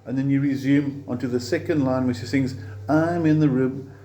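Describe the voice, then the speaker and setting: A man's voice: medium pitch, steady tone, normal speed. A man teaching a beginner guitar lesson step by step, patient and encouraging, counting the beats aloud.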